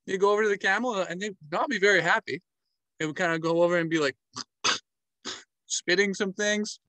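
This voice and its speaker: A man tells stories from his travels in an animated, casual way, acting out the animals' sounds and movements as he goes. His voice sits a little on the high side. The sound is dry and close, with no room echo. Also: quick pace. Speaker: travel vlogger and storyteller.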